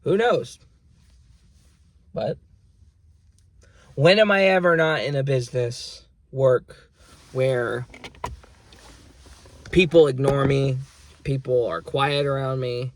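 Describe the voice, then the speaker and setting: A man's voice: mid-range voice, slow, pauses often, dry recording. A man vlogging, ranting in a rambling, profane and aggrieved way about being ignored at work. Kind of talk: casual venting monologue.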